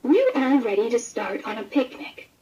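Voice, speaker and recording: A woman's voice: fairly high pitch, big pitch swings, moderate pace, dark tone, muffled recording. A woman voicing a caring, fussing mother cat in a children's storybook. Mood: worried.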